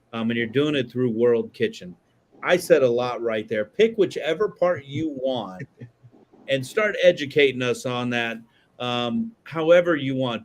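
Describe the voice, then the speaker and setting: A man's voice: medium pitch, slight background noise. A man hosting a podcast in casual chat, rambling and swearing freely, with lots of fillers and restarts. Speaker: podcast host.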